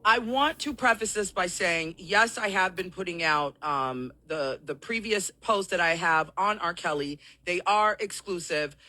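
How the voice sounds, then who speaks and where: A woman hosting a live-streamed talk show, hoarse from coughing and a little out of breath, apologetic as she explains things at length to her viewers. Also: on the low side, unhurried, hardly any pauses, bright, forceful tone, no room sound.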